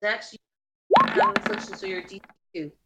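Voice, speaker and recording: A woman running a tabletop game as game master, calling out rolls and rules in a brisk, instructive way. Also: mid-range voice, wildly swooping pitch, very noisy.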